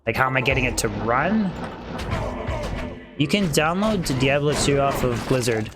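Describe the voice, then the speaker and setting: A young man livestreams a game, chatting and rambling with his viewers, reading and answering chat while keeping his voice down because his wife is asleep. His mid-range voice is animated at a moderate pace.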